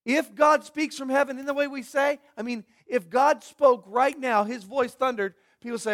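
Impassioned high-voiced male preacher. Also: normal speed, hardly any pauses. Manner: dynamic preaching, swinging from hushed to loud and emphatic. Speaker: pastor. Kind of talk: sermon.

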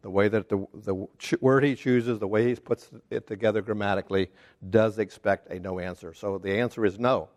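A man teaching a casual Bible study class, talking haltingly with restarts and putting questions to the group. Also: on the low side, fairly even intonation, darkish tone. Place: church classroom.

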